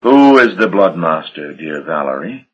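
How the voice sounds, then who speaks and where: Man doing a silky vampire master, cold, unhurried, menacing, low husky voice, dull audio. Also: very animated, heavily acted. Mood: cold menace. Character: cold, commanding elder male vampire master.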